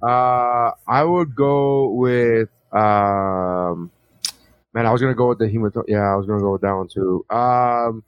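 A man's voice: mid-range voice, steady tone, unhurried, clear, resonant tone, no room sound, highs cut off. A man hosting a movie review podcast, talking in a rambling way with many restarts and casual swearing. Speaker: podcast host.

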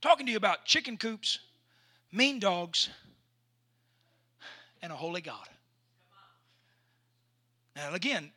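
A man, a pastor telling a story in a sermon that builds into loud preaching. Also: high-pitched, very animated, takes it slowly, pauses often.

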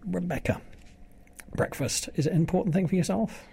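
A man's voice: sits high, a little fast, vocal fry, mellow, a little hiss or hum. A man presenting a live radio show, chatting and joking with guests in the studio. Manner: chatty, jokey, rambling.

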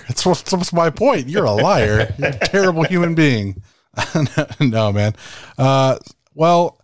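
A man's voice: medium pitch, no echo. Joking male co-host, dry sound. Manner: joking, ribbing. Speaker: podcast co-host. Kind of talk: casual chat.

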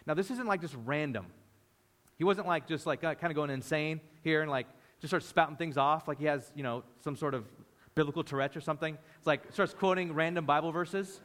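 A man preaching a lively sermon, often acting out the voices of the people in the story. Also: on the high side, fairly quick. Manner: animated, acts out voices of disciples. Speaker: pastor. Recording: reverberant hall.

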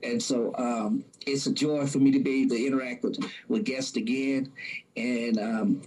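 A man wraps up his podcast in a relaxed, gracious way. His voice sits at an ordinary pitch, and he laughs easily as he talks. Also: normal speed, poor audio. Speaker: podcast host. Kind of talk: casual podcast interview outro.

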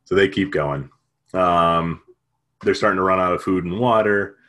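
A man's voice: low-pitched, moderate pace, a bit bright. A man retelling a story in casual chat, rambling and jokey, with lots of fillers.

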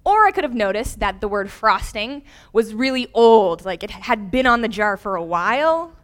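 A young woman preaching a sermon, telling a personal story with lively, animated voices for the people she quotes. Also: fairly high pitch, normal speed.

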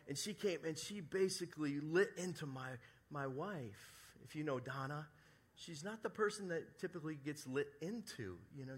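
This husky, higher-leaning male voice comes from a middle-aged pastor delivering a sermon before a church congregation. He spins a story and drops in jokes along the way.

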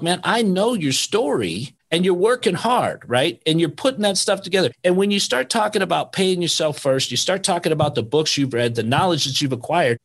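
Male podcast host, higher-pitched, friendly and energetic. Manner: upbeat, leans on "right?" tags. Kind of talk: casual podcast interview.

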